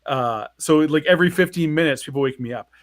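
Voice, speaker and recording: A man's voice: a little high, quick pace, no room sound. A man in his forties, a podcast co-host, telling a long personal story in casual chat and acting out the voices of the people in it. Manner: animated, acts out quoted voices, swears.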